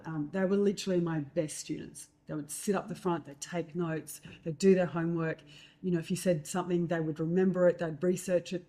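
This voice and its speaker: A middle-aged Australian woman, a guest, telling lively stories in conversation and acting out what others said, with many fillers. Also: on the low side. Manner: lively anecdotes with acted-out quotes, fillers. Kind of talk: storytelling in conversation.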